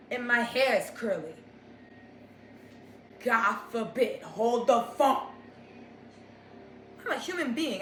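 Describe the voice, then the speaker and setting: With a slightly high, pushed, bright voice and slight background noise, a twenty-something vlogger delivers an exasperated, chatty storytime rant packed with "like." Dishes and cutlery clatter around her in an echoey room.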